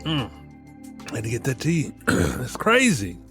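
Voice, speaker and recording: A man's voice: medium pitch, unhurried, faint music behind. A middle-aged man hosting a podcast in a casual comic monologue, laughing often, swearing freely and talking straight to his listeners. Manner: animated, laughing, profane, talks to listeners as y'all. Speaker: podcast host.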